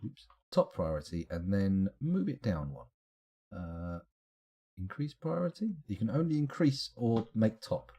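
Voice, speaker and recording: A low, slightly husky man talking his way through a live game stream. His pitch swings around a lot as he mutters at the menus and drifts into chat replies. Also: very animated, measured pace, mellow, dull audio. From United Kingdom. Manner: mutters to himself while clicking through menus, answers chat. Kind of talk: live gameplay commentary.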